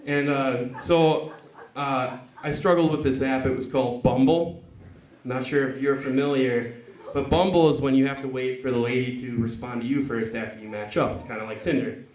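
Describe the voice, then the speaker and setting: A man performing a stand-up comedy set on a club stage, cursing and acting out callers in quick voices. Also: mid-range voice, fairly even intonation, a little mellow. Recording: echoey club with crowd. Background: audience laughing.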